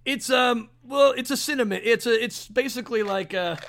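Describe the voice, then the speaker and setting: A man's voice: very high-pitched, normal speed, gravelly, a bit bright. A man co-hosting a podcast, chatting enthusiastically and stumbling through many restarts. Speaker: podcast co-host. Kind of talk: casual chat.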